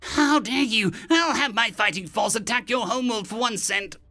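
A man's voice: high-pitched, sing-song, moderate pace, creaky, bright, forceful tone, slightly rough, faint music behind, pitched above the performer's own voice, full character voice. A man voicing an arrogant, furious alien male council leader who spits out threats in a raised voice. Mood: enraged. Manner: sneering, spitting threats.

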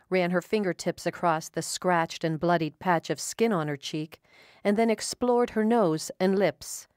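A woman reading an audiobook with measured, even narration. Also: lowish voice, no room sound, studio quality. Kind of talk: scripted narration.

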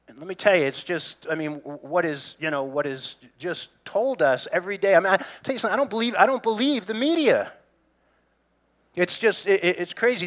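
A man's voice: high voice, moderate pace, a bit bright. A middle-aged male pastor preaching a sermon in a conversational way, with humor and asides to the congregation.

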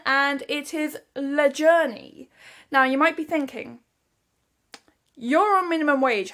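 Slow-talking giggly young woman vlogger. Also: sits high, fairly bright tone. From England. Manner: chatty, giggly, self-mocking. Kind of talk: casual vlog talk.

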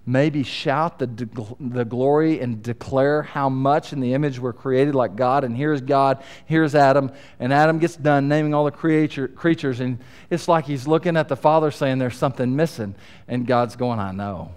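A middle-aged male pastor preaching a sermon in an animated, joking way, swinging between quiet asides and booming emphasis. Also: normal speed, few pauses, smooth.

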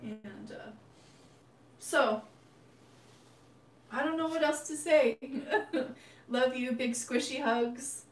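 A woman's voice: sits high, drawn-out words, long pauses. A woman hosting a painting livestream, chatting casually and affectionately with her viewers. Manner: chatty and affectionate, addresses viewers as "you guys". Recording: echoey room, mic at a distance, steady hum.

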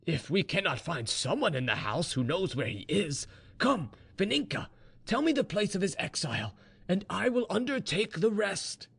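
A man's voice: high-pitched, expressive, unhurried, vocal fry, hardly any pauses, slightly rough, voice pushed up, exaggerated voice. A man voicing a fond, smiling old army general speaking to his daughter in a genial, coaxing way.

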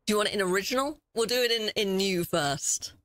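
A young woman streaming a horror game, excitable and easily scared, swearing often as she plays. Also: medium pitch, brisk, dry recording. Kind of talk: gaming commentary.

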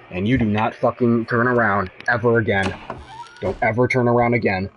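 A young man commenting on a horror game, frightened and swearing as he talks to himself. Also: mid-range voice. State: shaking with fear. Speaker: gamer.

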